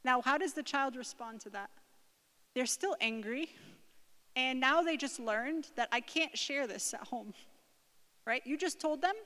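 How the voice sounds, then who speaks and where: A woman's voice: high voice, fairly bright tone. A woman giving a conversational parenting talk to a group, often checking in with the room by asking "right?" and "okay?". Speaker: speaker at a parenting workshop. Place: church hall. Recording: echoing hall with long reverb.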